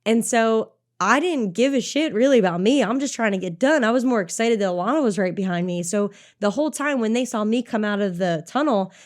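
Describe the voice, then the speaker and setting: A young adult woman, a racer and coach, telling an animated race story in casual podcast chat, swearing freely and saying "like" a lot. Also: fairly high pitch, brisk, few pauses. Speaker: obstacle course racer and coach.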